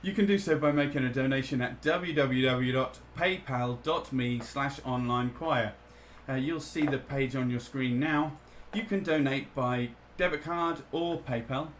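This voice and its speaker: Male livestream co-host, relaxed and wry, mid-pitched voice, faint noise. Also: unhurried, hardly any pauses. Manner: relaxed, restarts often, wry. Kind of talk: casual livestream chat with announcements.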